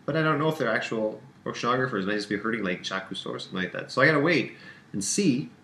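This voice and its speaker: A man playing a tabletop game, relaxed and thinking aloud about his moves. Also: medium pitch, very fast. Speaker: player. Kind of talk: casual tabletop play. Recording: echoey room with faint hiss.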